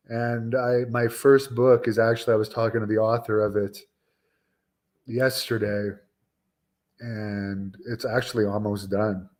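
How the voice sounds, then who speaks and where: Guy in his 40s doing a casual stream, answers chat, rambles a lot, um uh, average pitch. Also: darkish tone. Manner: rambling, chatty, with frequent fillers and restarts. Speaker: wrestling show host.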